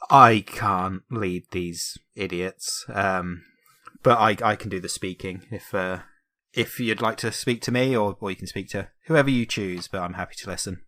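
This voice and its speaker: A man's voice: deep voice, moderate pace, sharp tone. A man playing a tabletop game, laid-back and often laughing. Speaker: player.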